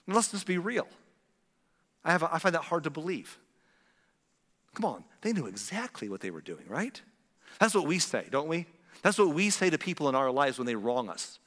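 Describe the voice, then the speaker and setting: A man preaching a sermon as pastor, talking in a conversational, animated way and acting out quotes. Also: fairly high pitch, moderate pace, long pauses, in a large hall.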